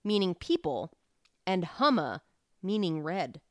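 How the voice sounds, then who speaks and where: A woman's voice: fairly low pitch, very animated, no room sound, clean studio sound. A young adult woman co-hosting a podcast, chatting and riffing playfully. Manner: playful, riffing, quick asides. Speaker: podcast co-host. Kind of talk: casual comedic chat.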